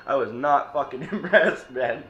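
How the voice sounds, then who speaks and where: Forceful young man telling a story. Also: medium pitch, unhurried, muffled recording, soft background music. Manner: laughing, cursing, animated retelling. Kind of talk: casual storytelling to camera. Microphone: camera mic. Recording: echoey room with faint hiss.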